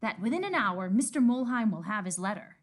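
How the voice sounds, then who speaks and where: A woman's voice: mid-range voice, animated, fairly quick, close to an everyday voice. A woman voicing a menacing male company president who speaks with formal, cold courtesy. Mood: coldly polite.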